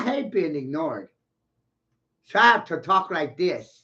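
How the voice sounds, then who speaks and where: A man in a rambling, profane, boastful monologue, ranting with bursts of loud laughter, on a dull lo-fi recording. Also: on the high side, big pitch swings, takes it slowly, vocal fry. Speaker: vlogger.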